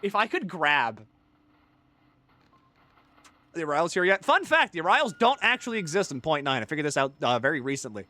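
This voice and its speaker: Excitable high-voiced male streamer. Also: brisk, pauses often, no room sound. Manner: rambling, excitable, swears freely. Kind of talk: casual gaming-stream chat.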